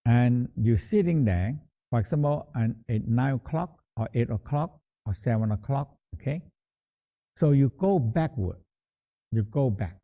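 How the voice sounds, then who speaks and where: A man guiding a meditation practice in a halting, repetitive teaching manner, often restating words as he explains. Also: mid-range voice, lively intonation, dark tone. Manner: halting, repeats words, slow explanatory phrasing. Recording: tinny phone-like sound.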